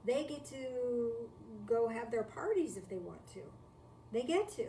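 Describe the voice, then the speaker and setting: A spiritual teacher livestreams a reflective, conversational talk from home, repeating key phrases and posing rhetorical questions. Her voice is a little high, sing-song, unhurried and warm, recorded in an echoey room on a distant mic with faint noise.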